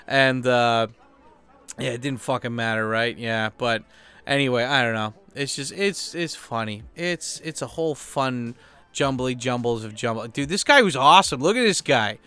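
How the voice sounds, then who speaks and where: A YouTuber speaking at home in a casual talking-head chat, rambling and profane with plenty of fillers. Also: male voice, medium pitch, normal speed, pushed and bright, clean tone.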